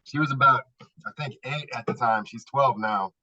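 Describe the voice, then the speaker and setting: A man's voice: medium pitch, normal speed, pushed and bright, dry recording. A man in a casual club chat, loose and profane, laughing as he tells stories over a video call. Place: home garage. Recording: dull lo-fi video call audio.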